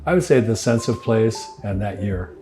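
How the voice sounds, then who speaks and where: An older man answering interview questions in a relaxed, rambling way, restarting phrases and chuckling often. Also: fairly low pitch, moderate pace, music in the background. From United States. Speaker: winery owner interviewee.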